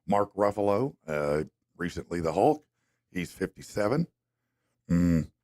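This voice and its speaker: Deep-voiced man hosting a morning show. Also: big pitch swings, a little mellow, dry recording. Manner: upbeat, loose, drawn-out fillers. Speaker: radio show host. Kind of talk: casual morning show chat. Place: studio. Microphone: studio mic.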